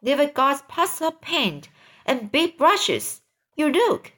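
A curious, brave young boy from a storybook, as a woman reads him, often speaking in an urgent hush. His voice sits a little higher than the narration. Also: sing-song, slow pace, full character voice. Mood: earnest.

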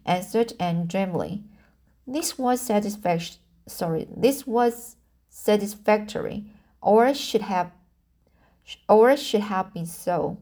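A woman's voice: medium pitch, slow pace, mellow. A woman reading a novel aloud, often stumbling over words and restarting lines. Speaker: audiobook reader. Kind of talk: amateur audiobook narration.

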